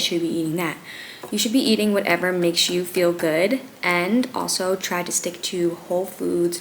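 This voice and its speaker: A young woman chats to camera from her living room floor, relaxed and upbeat, with a slightly low-pitched voice. She speaks like a personal trainer sharing tips, with frequent easy fillers. A faint hiss sits under the recording. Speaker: vlogger, personal trainer and nutrition coach. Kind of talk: casual vlog chat to camera while eating.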